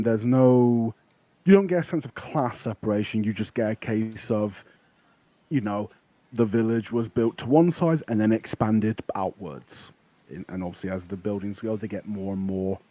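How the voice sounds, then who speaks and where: Mellow-voiced man running a tabletop game. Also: lowish voice, no echo. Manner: relaxed, halting, with many fillers and restarts. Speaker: game master.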